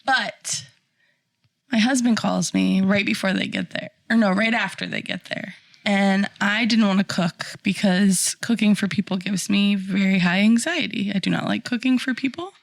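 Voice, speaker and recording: A woman's voice: mid-range voice, normal speed, gravelly, no echo. A young adult woman co-hosting a podcast, telling a story animatedly and acting out the people in it. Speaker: podcast co-host. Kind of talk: casual chat.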